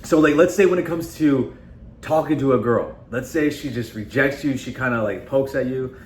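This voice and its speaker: A man with a mid-range voice and an ordinary pace hosts a self-improvement video as a relaxed motivational talk. His delivery is chatty and emphatic, and he keeps addressing viewers as "guys." Faint noise can be heard in the echoey room.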